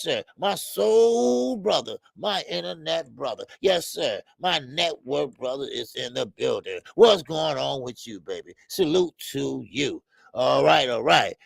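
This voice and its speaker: A man's voice: medium pitch, no room sound. A man hosting a casual boxing livestream, reading out viewer names and talking slangy, loose banter. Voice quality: gravelly.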